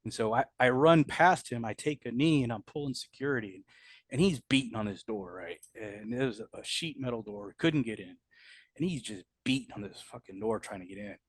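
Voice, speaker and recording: A man's voice: mid-range voice, a little fast, breathy edge, dry recording. A middle-aged man, a combat veteran, telling his war memories in an interview, blunt and profane, with many restarts. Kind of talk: candid storytelling interview.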